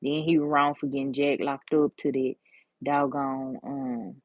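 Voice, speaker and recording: Sassy gravelly-voiced woman in her thirties. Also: very deep voice, flat delivery, a little slow, no echo, dull audio. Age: 30s. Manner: chatty, sassy, storytelling with slang. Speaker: nail art vlogger. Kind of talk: casual chat while doing nails.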